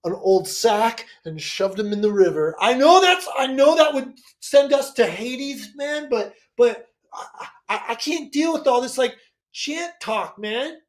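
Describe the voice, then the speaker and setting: A man's voice: very high voice, animated, a little slow. A man improvising a comedy scene in a whiny, exaggerated way.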